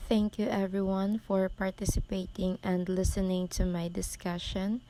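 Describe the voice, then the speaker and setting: A woman's voice: medium pitch, level tone, normal speed, hardly any pauses, mellow, a little hiss or hum. A young woman student presenting a class report on poetic meter, explaining carefully and reading example lines aloud.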